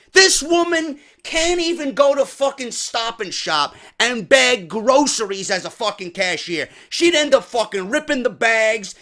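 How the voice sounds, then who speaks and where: A man's voice: high voice, bright, forceful tone. A man with a New York accent, hosting a wrestling review show in a profane, exasperated rant. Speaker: wrestling podcast host.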